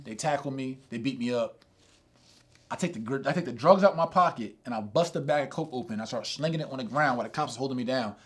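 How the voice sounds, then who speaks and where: A middle-aged man telling a streetwise, profane story from his life as a sermon, dropping low and quiet, then rising loud and high.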